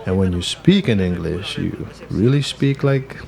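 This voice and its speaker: A man's voice: sits low, expressive, moderate pace, creaky, a little mellow. A Filipino man hosting a podcast interview, giving frequent mm-hmms and mixing Tagalog into his English. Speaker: podcast host. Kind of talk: interview chat.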